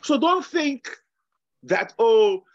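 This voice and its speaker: A man's voice: extremely high pitch, very slow, no echo, muffled recording. A man co-hosting a podcast, telling stories in a casual motivational chat and laughing easily. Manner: animated storytelling, laughs easily. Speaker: podcast co-host.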